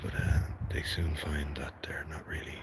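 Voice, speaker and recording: A man with an Irish accent hosting a casual live gardening walkthrough, soft-spoken and mumbly, often half-whispering to his plants and insects. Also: extremely low pitch, level tone, normal speed. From Ireland. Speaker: gardening livestream host. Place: outdoor vegetable garden. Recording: noisy outdoor livestream audio.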